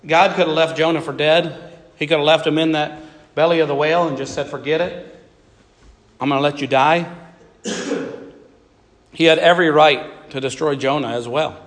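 A man preaching a sermon in a slightly higher-pitched voice, stacking short emphatic phrases and reading scripture aloud. His voice carries a long reverb, as in a large church sanctuary. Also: fairly even intonation, normal speed, pauses often, fairly bright tone. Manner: reads scripture aloud and voices Jonah's complaints in plain speech.

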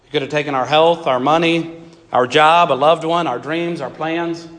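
A man's voice: fairly high pitch, steady tone, normal speed, fairly bright tone. A man preaching a sermon, reading scripture aloud and voicing a biblical figure's complaints, with emphatic lists of short phrases. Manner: reads scripture aloud and voices Jonah's complaints in plain speech. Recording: long reverb of a large hall.

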